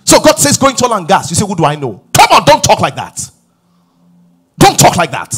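A middle-aged man preaching a sermon as pastor, emphatic and rising to shouts. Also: sits high, sing-song, quick pace, breathy edge.

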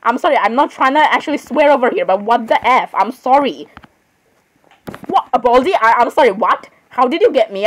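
A woman's voice: fairly high pitch, expressive, brisk, poor audio. A woman giving casual let's-play commentary on a horror game. She is chatty, giggles often, apologizes a lot and talks to the game characters. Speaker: gamer playing a horror game.

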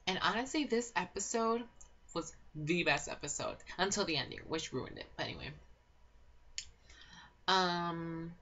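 A woman's voice: fairly low pitch, lively intonation, measured pace, pauses often, pushed and bright. A young woman giving a rambling, gossipy recap of a reality show in a casual chat, full of fillers and restarts. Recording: dull lo-fi home recording with faint noise.

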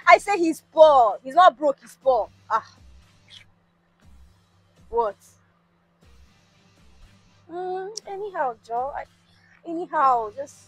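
A woman's voice: sits high, lively intonation, slow pace, pauses often, a bit bright, faint music behind, exaggerated voice. A woman acting a dramatic, defensive mistress in a comedy skit. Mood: boastful chatty.

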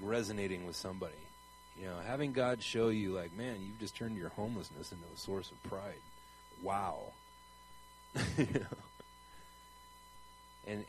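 A man's voice: low-pitched, slight background noise, low-quality recording. A man speaking in a conversational preaching style, earnest and rambling, asking his listeners pointed questions. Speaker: traveling Christian preacher.

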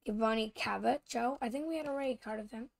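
A woman hosting a casual card-opening video, halting with many fillers and often apologizing for mispronouncing names. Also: fairly high pitch, creaky. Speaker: channel host showing baseball cards.

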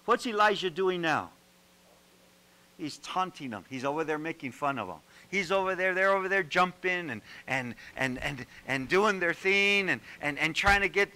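A male pastor preaching with a forceful, bright voice that sits somewhat high. He is animated and joking, and he stumbles over repeated words when he gets going. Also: poor audio. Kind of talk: sermon.

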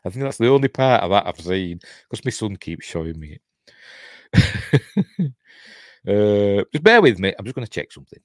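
Speaking at a fairly low pitch and a moderate pace, a middle-aged Yorkshire host sounds very animated as he chats through a film commentary. He rambles, laughs softly and keeps interrupting himself. The studio sound is clean and dry.

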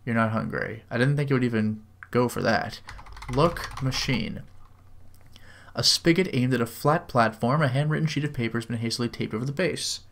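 A man reads a text adventure aloud, drawing out each typed command and dropping in dry, wry remarks. His voice sits at an ordinary middle pitch for a man. Faint keyboard typing clicks along behind him. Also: normal speed, creaky, a bit bright, slight background noise. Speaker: game video host.

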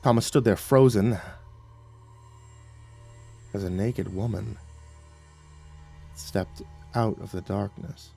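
A man narrating a horror story, swinging from hushed to loud and urgent. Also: on the low side, slow, vocal fry, pauses often, husky, soft background music.

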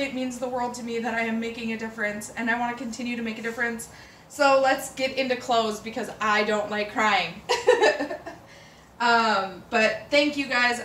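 A woman chatting casually to camera as a fashion vlogger, rambling and emotional, with bursts of excitement. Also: fairly high pitch, slight background noise. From Canada. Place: apartment room with door open, city sirens outside. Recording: roomy, mic at a distance. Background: faint city ambience.

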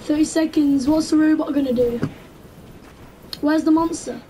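High-voiced excitable woman gamer. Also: moderate pace, long pauses, slight background noise. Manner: excitable, screams at big moments. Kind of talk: live gameplay commentary. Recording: loud game music behind voice.

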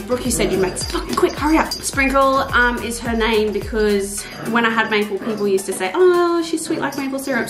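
A woman's voice: fairly high pitch, echoey room. A young Australian woman vlogging casually at home, chatty and rambling, joking and swearing offhand. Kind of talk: casual day-in-the-life vlogging. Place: home, indoors.

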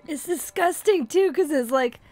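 Sick, wheezy-voiced woman gaming. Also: high-pitched. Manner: chatty, giggly, excitable. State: sick with a wheezy dry cough. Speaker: co-host of a gaming channel. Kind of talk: casual let's-play chat.

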